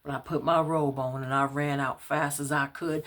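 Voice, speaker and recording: A woman reading aloud from her own book, telling a first-person story in a conversational, unhurried way, sometimes dropping low and pausing to find her place. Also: flat delivery, fairly bright tone. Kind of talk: first-person storytelling in Southern Black vernacular.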